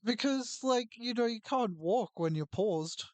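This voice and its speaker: A man's voice: extremely high pitch, lively intonation, measured pace, darkish tone, no echo. A man co-hosting a casual podcast recap, laid-back, with short interjections and wry asides. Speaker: podcast co-host.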